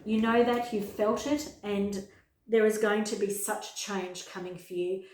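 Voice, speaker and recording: A woman's voice: medium pitch, fairly even intonation, unhurried, darkish tone. Earnest woman reading tarot, echoey room. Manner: earnest, emphatic, repeats key words. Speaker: tarot card reader. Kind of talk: pick-a-card tarot reading to camera. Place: home room with her dog nearby.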